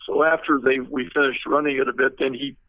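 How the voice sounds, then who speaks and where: A man's voice: medium pitch, fairly even intonation, brisk, no room sound. An older man, a retired car designer, telling stories in a rambling way with many fillers and restarts. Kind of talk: anecdotal storytelling. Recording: tinny phone-like line, dry.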